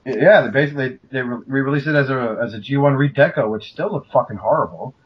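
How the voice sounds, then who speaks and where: Man, casual podcast chat, husky, profane, rambling, dull lo-fi audio. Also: medium pitch, quick pace. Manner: profane, rambling, breaks into mock voices. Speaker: podcast host.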